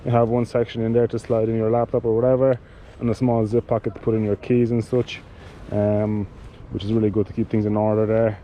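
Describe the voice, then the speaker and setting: A man giving a casual product demonstration of cycling gear, talking in a halting way with many fillers and restarts. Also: lowish voice, little pitch movement, mellow, highs cut off, a little hiss or hum.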